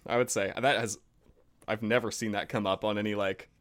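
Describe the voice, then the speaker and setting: A man's voice: fairly low pitch, fairly even intonation, brisk, a bit bright. A man co-hosting a podcast, reading a folk tale aloud and breaking off for dry, wry asides. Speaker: podcast co-host, story reader.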